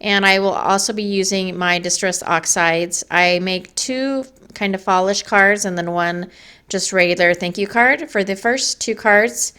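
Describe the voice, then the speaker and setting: A woman's voice: mid-range voice, a little slow, pushed and bright, smooth. A woman hosting a card-making tutorial in a casual voice-over, chatty with fillers, her voice a little worn. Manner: chatty, with fillers and small laughs. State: losing her voice.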